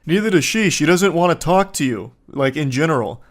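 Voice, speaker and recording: A man's voice: fairly high pitch, lively intonation, a little fast. A man in his thirties doing sarcastic reaction commentary, reading texts aloud and mocking them, with frequent swearing. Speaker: commentary host.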